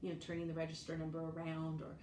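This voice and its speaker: A woman's voice: sits low, monotone, fast, dark tone. A woman in her forties, chatting casually as a vlogger. She tells stories, laughs often and acts out what other people said. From United States. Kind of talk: casual storytelling chat. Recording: echoey room, mic at a distance, faint noise.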